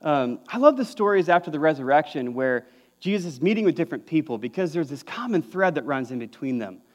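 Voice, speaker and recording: A man's voice: a little high, sing-song, brisk. A young man, preaching a conversational sermon as a pastor, full of fillers and restarts.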